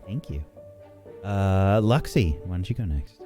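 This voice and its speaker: A man's voice: deep voice, animated, unhurried, music in the background. A man hosting a tabletop game as game master, thanking his players effusively.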